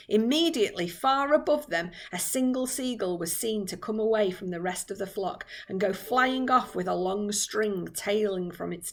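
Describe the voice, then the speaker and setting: A woman with a fairly high voice reads a children's book aloud as a primary school teacher. Her storytelling is expressive and lively, and she shapes the narration for young listeners.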